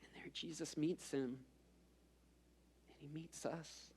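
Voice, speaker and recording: A man's voice: fairly high pitch, steady tone, takes it slowly, darkish tone, slightly rough. A man preaching a sermon as pastor, telling a story in a conversational way with self-deprecating asides and repeated words as he builds up.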